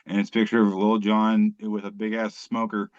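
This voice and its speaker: A man's voice: on the low side, completely flat delivery, moderate pace, darkish tone, no echo, lo-fi sound. A man hosting a casual comedy podcast, joking, swearing and reading posts aloud. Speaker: podcast host.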